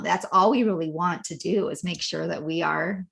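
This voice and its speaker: A woman's voice: on the low side, moderate pace, gravelly, fairly bright tone. A woman hosting a faith-based coaching podcast, talking in a thoughtful, rambling way with restarts. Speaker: podcast host. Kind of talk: casual interview chat.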